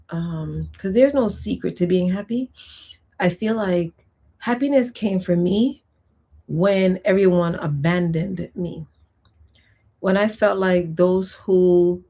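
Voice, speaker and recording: Woman in her 30s musing out loud on her vlog, lots of um and you know, giggly. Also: lowish voice. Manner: chatty, laughs often, many fillers; talks while eating and sipping. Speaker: vlogger. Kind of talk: casual reflective chat to camera.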